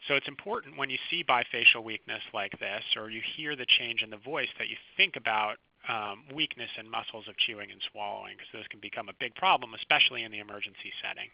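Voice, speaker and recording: Calm male doctor giving a lecture. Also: lowish voice, fast, creaky, hardly any pauses, no room sound. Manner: calm, explanatory clinical teaching. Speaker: physician lecturing first responders. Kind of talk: recorded medical lecture over slides. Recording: dry, slightly dull close recording.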